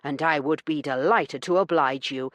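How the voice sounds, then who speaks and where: A woman doing Corbin, a stern sarcastic gentleman. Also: low-pitched, moderate pace, no room sound, close to an everyday voice. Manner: lecturing, dry sarcasm. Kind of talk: audiobook character reading.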